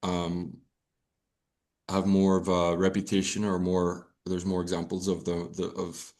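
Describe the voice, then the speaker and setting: A man's voice: low-pitched, monotone, a little slow, a little mellow. A young Irish man chatting as a podcast guest, rambling and swearing freely with many restarts. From Ireland. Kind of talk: casual chat.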